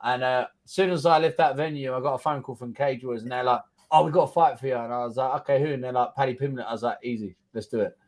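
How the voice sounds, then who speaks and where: A man's voice: mid-range voice, quick pace, hardly any pauses. Blunt london guy in his thirties telling a story, swearing and doing the voices of people he talked to. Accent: London English. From England. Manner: blunt, swears freely, acts out quotes. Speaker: guest fighter. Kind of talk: casual storytelling interview.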